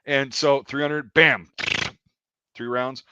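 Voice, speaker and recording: A man's voice: medium pitch, takes it slowly, background noise. A man, an army veteran, telling war stories in a casual, profane chat. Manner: profane, animated anecdote telling. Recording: dry, slightly dull sound.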